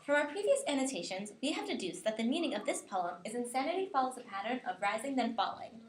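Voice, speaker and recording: A woman's voice: on the high side, big pitch swings, quick pace. A woman presenting a student analysis, reading it aloud earnestly and stumbling a little over longer words. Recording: roomy echo.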